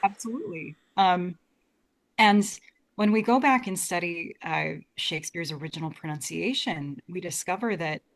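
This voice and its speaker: Young american woman chatting on a podcast, kinda low voice, earnest, keeps restarting her sentences. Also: normal speed. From United States. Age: young adult. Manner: earnest, restarts often with repeated words. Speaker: guest, Shakespeare educator. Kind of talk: casual interview conversation.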